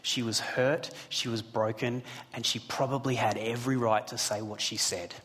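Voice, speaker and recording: A man's voice: medium pitch, steady tone, normal speed, a bit bright. A man preaching a sermon to a live congregation, telling a personal story with asides to the listeners. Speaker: pastor. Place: church hall with a live congregation. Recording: long hall reverb.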